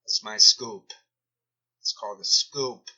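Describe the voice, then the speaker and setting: Man, rambling commentator, trails off mid-thought, lowish voice, dull lo-fi sound. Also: steady tone, takes it slowly, bright, forceful tone, breathy edge. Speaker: video commentator. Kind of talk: rambling screen-recording commentary. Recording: dull lo-fi recording.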